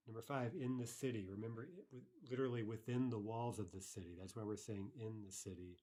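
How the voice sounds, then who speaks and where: A man giving a recorded grammar lesson, patiently saying each phrase slowly twice, with fillers and self-corrections. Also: on the low side, a little mellow. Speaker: language teacher.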